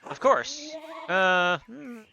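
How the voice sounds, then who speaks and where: A man's voice: very high voice, expressive, very slow, creaky, sharp tone, dull audio, a little hiss or hum, voice pushed up, full character voice. A man voicing a polite, mild-mannered young male artist.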